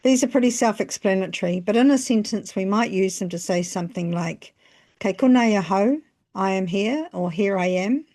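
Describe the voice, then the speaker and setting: A woman narrating a scripted language lesson, phrasing each example slowly and carefully. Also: medium pitch, warm tone. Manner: slow, careful phrasing with pauses between examples. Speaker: language teacher.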